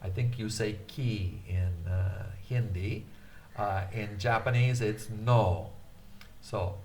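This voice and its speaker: A man teaching a beginner Japanese lesson, hesitant with many filler sounds, repeating words slowly for students to practice. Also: fairly low pitch.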